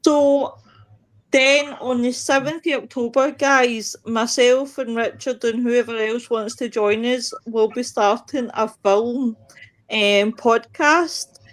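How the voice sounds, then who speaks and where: A fairly high-voiced woman host speaks slowly as she announces upcoming shows. She addresses the listeners as guys and fills gaps with ums. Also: fairly even intonation. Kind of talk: show announcements.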